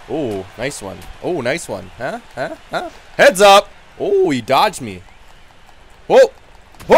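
A man doing loud, taunting gameplay commentary, trash-talking in character as his hockey player. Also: mid-range voice, slow. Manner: loud, taunting, animated and jokey. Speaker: gamer.

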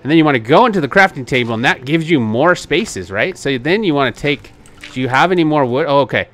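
A man giving excitable gameplay commentary as a channel host, laughing often and coaxing the other players with reassurance. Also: on the high side, quick pace.

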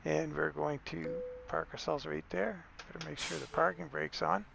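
Gravelly, rambling man with a slightly high voice. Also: moderate pace, a bit bright, slight background noise. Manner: rambling and self-correcting, chuckles often. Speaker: game tutorial host. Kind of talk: casual screen-recorded game tutorial.

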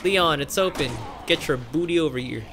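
A man's voice: a little high, moderate pace, over music. A young man casually commenting on a co-op game, laughing, swearing and yelping whenever his character gets hit. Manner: laughing, excitable, swears, yelps when hit. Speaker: co-op gameplay streamer.

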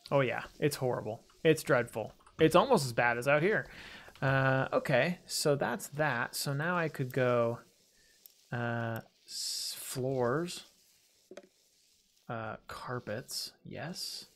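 A man's voice: medium pitch, slow, fairly bright tone. A man hosting a casual let's-play video, chatting and muttering to himself as he plays, joking at his own mistakes. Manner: chatty, self-deprecating, talks to himself while playing. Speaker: gaming video host.

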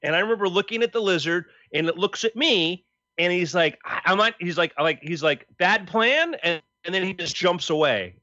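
A man co-hosting a podcast, telling anecdotes casually in an animated way and acting out the quotes. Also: high-pitched, brisk, dry recording. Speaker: podcast co-host. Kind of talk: casual storytelling chat. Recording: dry, dull lo-fi mic.

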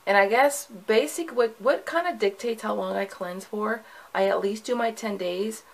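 A woman's voice: mid-range voice, normal speed, rough recording. A woman recording a casual video diary at home, chatty and rambling, with many fillers and restarts. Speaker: vlogger.

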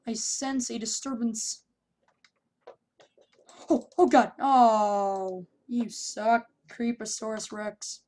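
A young woman commenting on her own gameplay, shouting taunts in bursts and then muttering to herself. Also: a little high, steady tone, slow pace, long pauses. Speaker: gameplay YouTuber.

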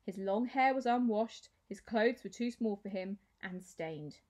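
A woman teacher reading a children's novel aloud with expressive storytelling. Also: medium pitch, measured pace.

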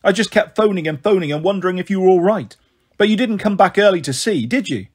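Man doing a prickly teen sister, sharp and husky. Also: high voice, lively intonation, fast. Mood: defiant. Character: defensive teenage girl, older sister.

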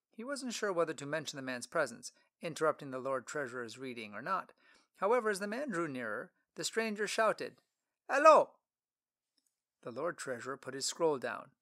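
A man narrating an audiobook story in a clear, expressive storytelling manner. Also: fairly high pitch.

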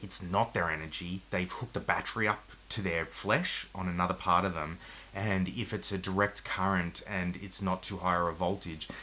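A man with a low voice co-hosting a podcast. He muses in an explanatory way during casual chat, with faint noise behind him. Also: fairly even intonation, normal speed, sharp tone. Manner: musing, explanatory. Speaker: podcast co-host.

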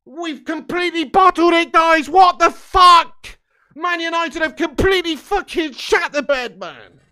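Fan streamer with a very high, sharp voice, swearing and ranting over a live match. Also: male voice, moderate pace. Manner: swearing, ranting, exasperated outbursts. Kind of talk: live football watchalong rant.

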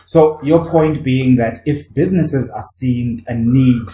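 A man's voice: medium pitch, unhurried. A man co-hosting a podcast, prompting his partner with questions and adding follow-up points in a conversational way. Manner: attentive, prompting, frequent soft affirmations. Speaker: podcast co-host. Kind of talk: conversational discussion. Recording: echoey room with faint background noise.

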